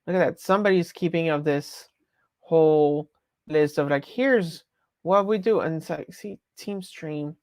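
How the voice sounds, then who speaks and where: A woman's voice: deep voice, steady tone, normal speed, a little mellow, no room sound. A woman with a French accent chatting casually on a live stream, rambling and breaking off her own sentences. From France. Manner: rambling, chatty, self-interrupting.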